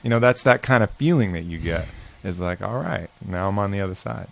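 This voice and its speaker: Low-voiced reflective male guest. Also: lively intonation, a little fast, vocal fry. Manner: earnest, reflective, profane. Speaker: podcast guest. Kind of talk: casual conversation.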